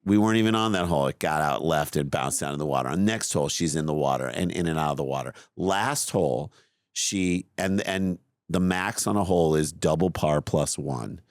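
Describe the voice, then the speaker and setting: A middle-aged man co-hosting a podcast, telling a long story in a lively, self-mocking way. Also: a bass voice, fairly quick, no room sound, clean studio sound. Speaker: podcast co-host. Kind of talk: casual chat, storytelling.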